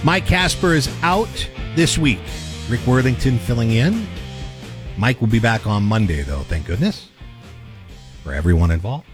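A man's voice: mid-range voice, moderate pace, faint music behind. A man co-hosting a local talk radio show, chatting casually and running through sports predictions. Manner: upbeat, animated sports talk.

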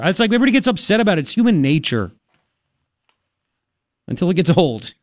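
A man hosting a talk radio show in a studio, excitable and rambling, with lots of exclamations. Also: high-pitched, quick pace, pauses often, no room sound. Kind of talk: animated talk radio banter.

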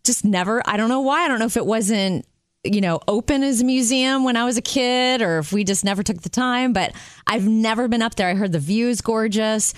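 A woman's voice: fairly high pitch, fairly quick, no echo, studio quality. A woman from Florida co-hosting a radio show, chatting in an upbeat, storytelling way. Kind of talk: casual radio show chat.

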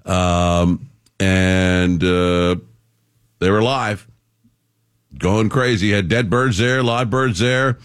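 A man's voice: low voice, fairly even intonation, extremely slow, long pauses, clear, resonant tone, no room sound, clean studio sound. A man hosting a radio talk show, chatting casually and reading out news items with wry asides. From Florida.

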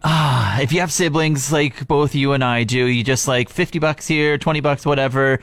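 A young man co-hosting a casual radio show, chatting and telling stories in an animated way and laughing easily. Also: medium pitch, moderate pace, no echo. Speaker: radio co-host.

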